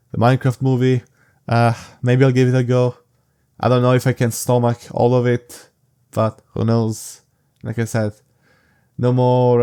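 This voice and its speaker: Sleepy rambling young podcast host, mellow voice. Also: male voice, mid-range voice, clear, resonant tone. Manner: rambling, halting, frank. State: sleepy, yawning. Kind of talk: casual solo podcast monologue.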